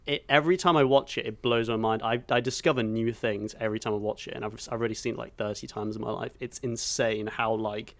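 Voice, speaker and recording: A man's voice: medium pitch, steady tone, quick pace, hardly any pauses. A man co-hosting a podcast in casual chat, enthusiastic and sweary, acting out film moments with sound effects. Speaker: podcast co-host.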